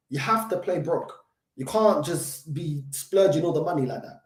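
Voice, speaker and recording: A London man hosting a football fan channel, chatting casually with his live chat, slangy and animated, still short of breath from covid. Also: on the high side, moderate pace, roomy sound.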